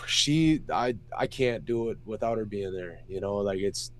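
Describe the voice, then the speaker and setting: A young MMA fighter with a fairly low voice speaks at a measured pace in a candid interview. He's open and emotional, swears heavily and tells stories in long, loose run-on answers.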